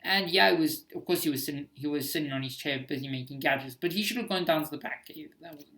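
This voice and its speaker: A man's voice: a little high, fast, bright, forceful tone. A man giving casual commentary on his own homemade film, hesitant and self-critical, with many restarts.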